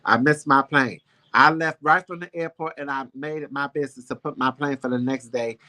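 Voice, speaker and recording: A man's voice: mid-range voice, brisk, bright, forceful tone. A man hosting a casual talk show, telling a personal story in a heartfelt, rambling, emphatic way. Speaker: show host.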